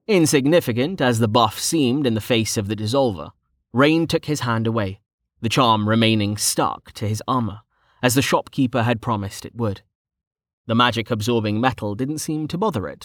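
A man narrating a fantasy audiobook in steady storytelling. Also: fairly low pitch, moderate pace, no echo, clean studio sound.

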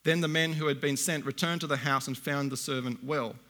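Bright-voiced man preaching a sermon. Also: fairly high pitch, steady tone. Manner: reads scripture slowly and deliberately, then explains in plain conversational asides.

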